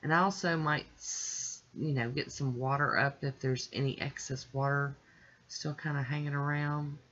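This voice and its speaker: A woman hosting her own nail art channel, narrating a tutorial in a chatty, relaxed way as she works step by step. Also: deep voice, normal speed, lo-fi sound.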